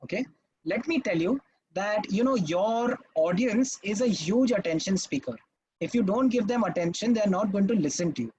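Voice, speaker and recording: Over a video call with poor audio and crowd noise, a man teaches public speaking in a live online masterclass. His high voice has lively intonation at a moderate pace, and he's emphatic and instructive, checking in with "Okay?"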